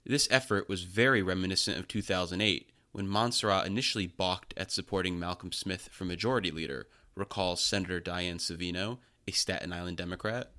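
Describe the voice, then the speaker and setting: A man reading scripted news narration in a measured, even way. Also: deep voice.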